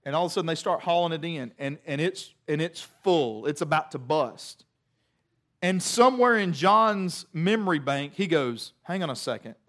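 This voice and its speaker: A man with a high voice delivers a sermon, telling the story with animated humor. His delivery is lively and conversational, with jokes dropped in along the way. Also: normal speed. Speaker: preacher.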